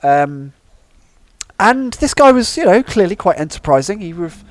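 A man, slightly high-voiced, rambles through a comic anecdote with a very animated, swooping delivery. He keeps stopping himself to laugh. The sound is close and completely dry. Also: moderate pace, dry recording. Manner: rambling anecdotes with frequent laughter and self-interruptions. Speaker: podcast co-host. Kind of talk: casual comedic chat.

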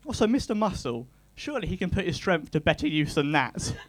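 A man doing a stand-up set, deadpan and pedantic, with a self-deprecating edge. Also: fairly high pitch, fairly quick. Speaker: stand-up comedian.

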